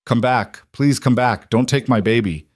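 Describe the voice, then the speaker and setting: A man's voice: sits low, normal speed, dark tone, dry recording, clean studio sound. A man doing a tearful pleading mother. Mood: desperate screaming. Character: young mother pleading for her daughter.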